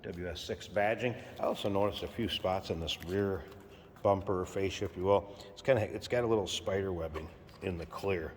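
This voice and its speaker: A man giving a relaxed, plainspoken walkaround sales pitch for a classic car in a large indoor showroom. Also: moderate pace, long reverb tail, a little hiss or hum. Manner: relaxed, plainspoken, repeats key points.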